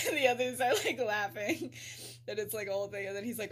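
A young woman co-hosting a podcast, casually retelling a story with frequent giggles, lots of "like", and quick acted-out quotes. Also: medium pitch, a bit bright, husky. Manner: giggly, peppered with "like", acts out quotes. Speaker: podcast co-host.

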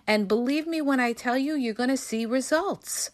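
A woman's voice: sits high, moderate pace. A woman hosting a podcast, giving emphatic, coaching advice to listeners, checking in often with "okay?" and "all right?". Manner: addresses listeners as "you guys". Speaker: podcast host. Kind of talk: casual advice monologue.

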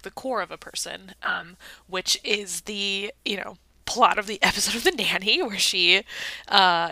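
A woman talks through a topic in a loose, chatty way, leaning on fillers and restarting her sentences. Her voice is bright and crisp. The sound is dry and close, with no room around it. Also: fairly low pitch, no echo, rough recording. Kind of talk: casual explanatory talk.

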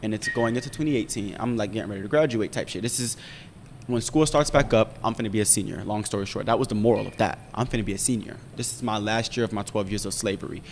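Fast-talking young man telling a candid story. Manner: candid, profane, animated storytelling. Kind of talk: casual storytelling chat. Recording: roomy reverb with faint rumble.

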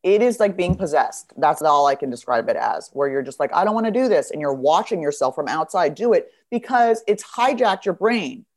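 A woman's voice: deep voice, moderate pace, hardly any pauses. A woman in her fifties, a podcast guest, talking candidly and bluntly, swearing freely and acting out voices as she tells stories. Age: 50s. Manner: blunt, profane, animated storytelling. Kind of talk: candid conversation.

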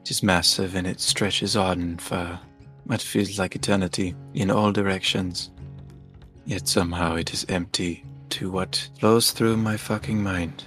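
A man's voice: deep voice, fairly even intonation, measured pace, fairly bright tone, soft background music. A man playing a terse, brooding sea captain. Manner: terse and heavy. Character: brooding, weary male ship captain.

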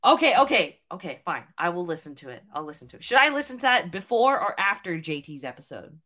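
Podcast co-host, female, lowish voice, relaxed and chatty. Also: quick pace. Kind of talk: casual chat.

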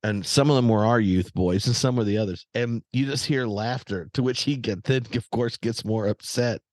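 A man telling a long story in casual chat, animated and rambling with many fillers and restarts. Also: mid-range voice, moderate pace, no echo. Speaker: podcast guest.

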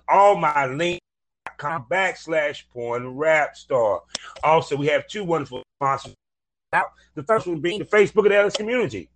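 Male podcast host, slightly high voice, energetic casual sponsor reads and chat. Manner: energetic, repeats "you know what I'm saying".

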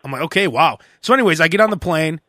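High-pitched guy hosting a podcast, super lively, keeps laughing and doing voices. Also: quick pace, no room sound. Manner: animated, mimics people in his stories, laughs a lot. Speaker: podcast host. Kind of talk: casual storytelling chat.

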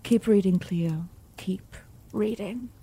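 A woman's voice: medium pitch, moderate pace, close to an everyday voice. A woman doing a purring, suave old professor. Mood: teasing. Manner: soft, purring and seductive. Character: suave older British male literature professor.

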